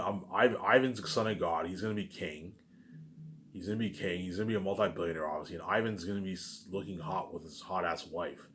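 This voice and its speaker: A man's voice: on the low side, fairly bright tone, slight background noise. A man in a rambling personal monologue that he posts as a vlog. He is heated and profane, stammers and restarts, and keeps asking whether you follow him. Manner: repetitive, profane, keeps asking "you know what I'm saying". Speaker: vlogger.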